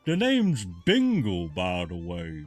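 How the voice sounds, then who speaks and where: A man voicing a huge, two-hundred-year-old male bugbear barkeep who teases and chats in a sing-song, drawn-out way. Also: sits low, huge pitch swings, faint music behind, pitched below the performer's own voice, heavily acted. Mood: teasing.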